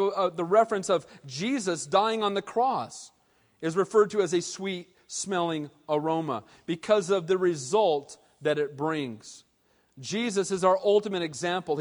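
A man preaching a sermon as pastor, animated and conversational, with casual slang. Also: on the high side. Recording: long hall reverb.

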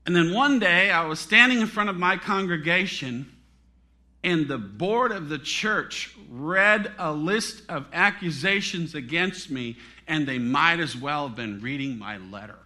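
A middle-aged male pastor preaching a sermon, swinging between loud dramatic peaks and hushed, near-whispered drops. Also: fairly high pitch, lively intonation, a little slow.

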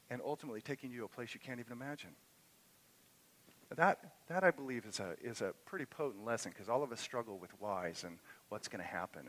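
A middle-aged pastor preaches to his congregation in a bright, forceful voice that sits fairly low. He tells a personal story in an easy, conversational way, then builds to impassioned emphasis. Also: slight background noise, rough recording. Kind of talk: sermon. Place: church sanctuary.

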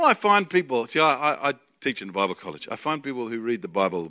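A man with an Australian accent preaching a sermon, excitable and jokey, swinging from loud bursts to quiet asides. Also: mid-range voice, quick pace, hardly any pauses. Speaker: preacher and Bible college teacher.

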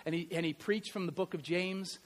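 Male pastor, middle-aged, very high voice, animated storyteller, sermon delivery. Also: brisk. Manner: animated storytelling, varies loudness widely. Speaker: pastor and history teacher.

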